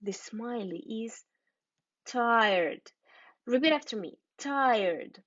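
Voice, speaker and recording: Woman teacher, slow and deliberate, repeats and spells words for learners; dull, dry lo-fi sound. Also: on the high side, lively intonation, a bit bright, no room sound. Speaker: English teacher. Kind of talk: scripted lesson for learners.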